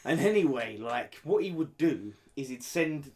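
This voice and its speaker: A man's voice: a little high, animated, a little slow. A man co-hosting a podcast, telling a story in casual, sweary chat. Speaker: podcast co-host.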